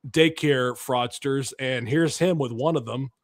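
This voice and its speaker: A man's voice: medium pitch, a little slow, no room sound. A man hosting a political talk show, ranting in a blunt, heated way with many restarts. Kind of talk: casual opinionated commentary.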